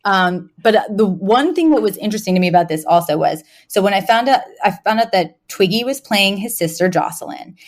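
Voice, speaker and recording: A woman co-hosting a podcast in casual chat, animated, laughing often and acting out quoted lines. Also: mid-range voice, a little fast, few pauses. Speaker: podcast co-host.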